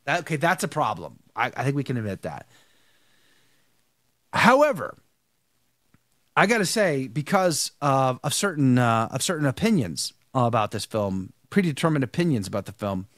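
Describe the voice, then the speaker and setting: Tired guy hosting a live show, talks emphatic, lots of restarts, pitch jumps all over, dead dry sound. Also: very animated, normal speed, dry recording. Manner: emphatic, repeats himself, many restarts. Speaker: host. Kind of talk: casual live show commentary.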